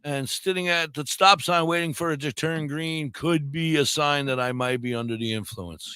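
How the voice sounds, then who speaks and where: A man's voice: on the high side, moderate pace, few pauses, bright, forceful tone, clean tone, dry recording. A man co-hosting a casual radio chat show, blunt and rambling, with frequent swearing.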